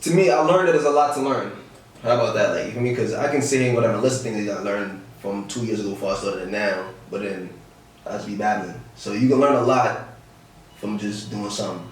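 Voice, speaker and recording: A man's voice: on the low side, fast. A young man, a comedian guest, telling stories in a casual interview, slangy and laughing often. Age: young adult. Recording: echoey room, distant mic.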